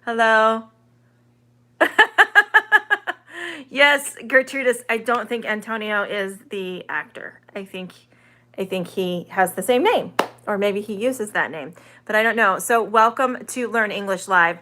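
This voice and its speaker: Bright-voiced woman teaching English. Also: medium pitch, a little hiss or hum. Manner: chatty, reads viewer comments aloud and answers them; sounds out vowels slowly and carefully. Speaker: online ESL teacher. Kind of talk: live-stream English lesson Q&A.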